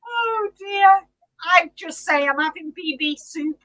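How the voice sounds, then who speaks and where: Direction high, slow-talking woman host. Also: a bit bright, low-quality recording. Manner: chatty, laughs often, greets viewers by name. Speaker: podcast host reading live chat. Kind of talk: casual live-stream chat.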